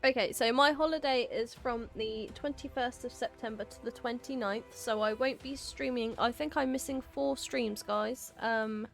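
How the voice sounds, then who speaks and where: A woman's voice: on the high side, steady tone, normal speed, creaky, few pauses, soft background music. A woman chatting casually to her viewers on a live game stream, giggling now and then and talking straight to chat.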